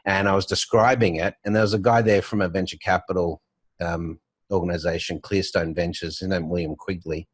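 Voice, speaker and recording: A middle-aged man with a softened Australian accent, telling stories as an interview guest, full of fillers and restarts. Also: low-pitched, steady tone, a little fast, slightly rough, dry recording. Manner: storytelling, with frequent fillers and restarts. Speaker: guest, banking entrepreneur. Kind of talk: casual conversational interview. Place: home office with artwork on the wall.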